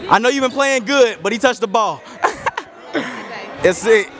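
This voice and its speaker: A man's voice: extremely high pitch, measured pace. Hyped young man cheering from the sideline. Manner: loud, joking, hyped shouts of encouragement. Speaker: sideline spectator cheering a team. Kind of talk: casual sideline banter. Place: indoor basketball gym. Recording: noisy crowded gym. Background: crowd noise and bouncing balls.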